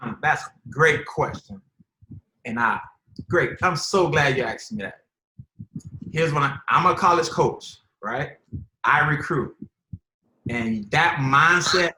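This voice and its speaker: A man's voice: mid-range voice, takes it slowly, pushed and bright, a little hiss or hum. Emphatic man on an echoey video call. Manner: emphatic, informal, uses slang and repeats himself. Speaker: former pro football player and college coach speaking to high school athletes. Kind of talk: casual motivational storytelling.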